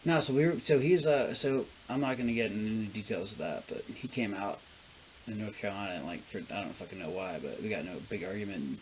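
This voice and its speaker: A young man who has had a few beers tells rambling, swear-heavy stories at a fast clip. A faint hiss sits under his voice. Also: fairly low pitch, rough recording. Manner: loose, profane storytelling, drunk. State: drunk. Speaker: guest. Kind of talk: casual drinking chat.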